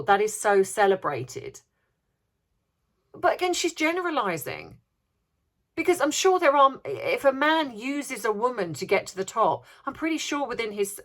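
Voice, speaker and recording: With a mid-range, fairly bright voice, a woman vlogger delivers opinionated commentary. She sounds indignant and sarcastic, firing off rhetorical questions and repeating words for emphasis.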